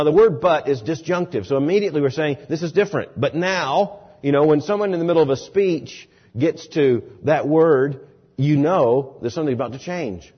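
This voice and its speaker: A man preaching a sermon, expressive, dropping low and soft, then rising loud and emphatic. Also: slightly rough, highs cut off.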